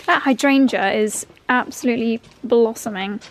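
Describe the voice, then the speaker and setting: A woman's voice: on the high side, moderate pace, very noisy. A woman chatting upbeat to her viewers in a lifestyle vlog, calling them darlings. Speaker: vlogger. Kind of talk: casual vlog chat. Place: home and garden.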